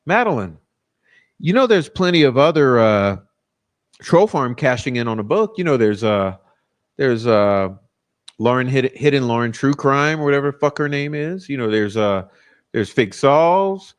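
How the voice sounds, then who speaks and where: A man hosting a casual livestream, ranting combatively and profanely, with frequent restarts. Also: mid-range voice. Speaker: livestream host.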